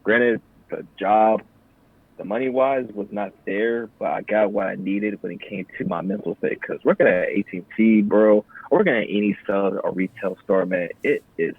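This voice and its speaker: Young man, low husky voice, casual profane storytelling, thin phone-like sound. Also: normal speed, no echo. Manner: profane, animated storyteller who acts out customers in higher voices. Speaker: podcast guest, Marine veteran. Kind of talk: casual conversational interview.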